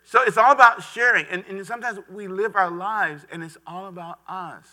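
A middle-aged man preaching a lively sermon as pastor, calling on the congregation to repeat after him. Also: sits high, normal speed. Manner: animated preaching with call-and-response to the congregation.

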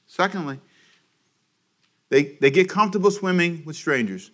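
Speaking at normal speed with long pauses, a man whose somewhat bright voice sits high preaches with plenty of energy. His radio sermon, broadcast from a church service, features call-and-response and small dramatized scenes for listeners.

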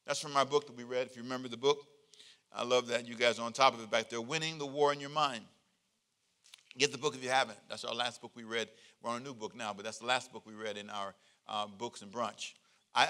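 A male pastor giving a conversational sermon, joking and animated, leading the congregation in call-and-response. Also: mid-range voice.

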